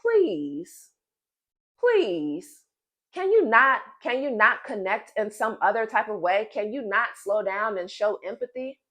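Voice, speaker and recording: A pregnant woman in her thirties venting to camera in a casual vlog, emphatic and animated, talking straight to her viewers. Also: mid-range voice, slow. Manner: emphatic and animated, addresses viewers as "y'all" and "girl". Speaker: vlogger.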